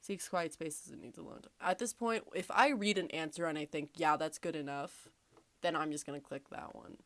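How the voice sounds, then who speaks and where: A woman's voice: sits low, normal speed, fairly bright tone, no room sound. Wry, swearing woman reading a quiz. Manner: sarcastic, swears freely, laughs often. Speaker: podcast host. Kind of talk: casual chat, reading quiz questions aloud.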